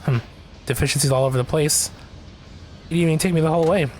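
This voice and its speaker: A man's voice: fairly high pitch, steady tone, fast, a little mellow, a little hiss or hum, voice pushed up, natural voice. A man putting on a haughty, bossy woman passenger. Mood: huffy. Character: rude demanding woman taxi passenger.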